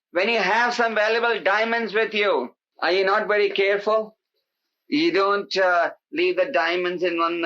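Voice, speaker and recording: A man giving an animated sermon as a spiritual teacher, emphatic and pleading, acting out the voices he quotes. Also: high-pitched. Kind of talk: sermon to a live gathering. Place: indoor hall with an audience. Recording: dull lo-fi tape recording.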